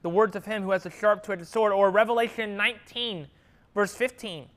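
A man preaching a sermon, lively and conversational, often asking the congregation questions and laughing easily. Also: high voice, moderate pace.

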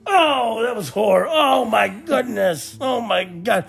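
A middle-aged man hosting a casual comedy podcast, talking like a loud emcee who keeps saying "listen". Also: high-pitched, animated, measured pace, vocal fry, music in the background. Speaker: podcast host.

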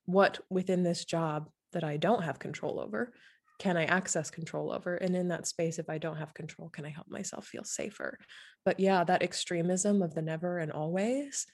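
A woman who works as a grief therapist, talking in a casual, animated way with quick asides and laughs. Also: fairly low pitch. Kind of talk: casual podcast conversation.

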